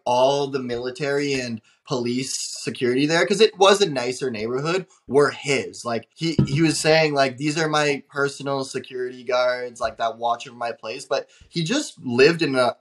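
A young man co-hosting a casual podcast chat, telling a travel story in an animated, incredulous way, full of "like" and swearing. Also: medium pitch, moderate pace, hardly any pauses. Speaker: podcast co-host.

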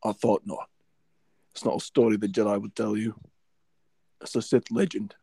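A young man doing an impression of a sinister old male emperor, speaking slowly and darkly. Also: lowish voice, level tone, vocal fry, mellow, husky, no room sound, pitched below the performer's own voice. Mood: menacing.

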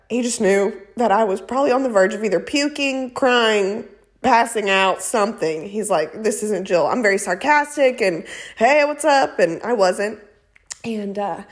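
Lady in her 30s telling her story, gets lively acting out quotes. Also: mid-range voice. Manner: animated, quotes people in raised voices. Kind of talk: casual storytelling.

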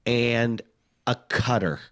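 A man's voice: mid-range voice, slow pace, a bit bright. A middle-aged man, a touring comic, telling rambling self-mocking stories in casual chat and acting out the people he quotes. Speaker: touring stand-up comic, podcast guest.

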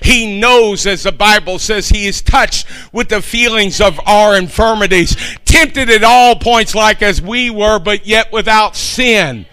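A man preaching a sermon with fervor, building up to shouted passages and repeating phrases for emphasis. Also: sits high, unhurried, few pauses, clear, resonant tone, rough recording. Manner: fervent preaching, rising to shouts. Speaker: pastor.

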